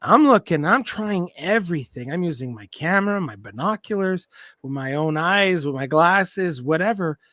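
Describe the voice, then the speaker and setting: A man as a guest in a casual livestream chat, earnest and animated, swearing casually. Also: fairly high pitch, normal speed, no room sound, clean studio sound.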